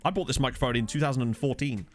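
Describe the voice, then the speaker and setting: A medium-pitched man races through his words while streaming a football management game, faint music behind him. He's chatty and jokey with viewers, answering their chat over a desk USB condenser microphone.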